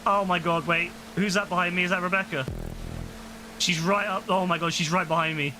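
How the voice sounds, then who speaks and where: A young man giving chatty, excitable casual commentary while playing an online game, full of fillers and quick laughs. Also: high voice, background noise. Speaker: gaming streamer.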